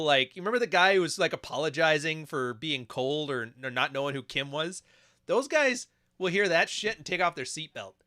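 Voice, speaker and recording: Male podcast host, bright punchy voice, crude joking reaction commentary. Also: fairly high pitch. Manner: crude, joking, frequently laughing.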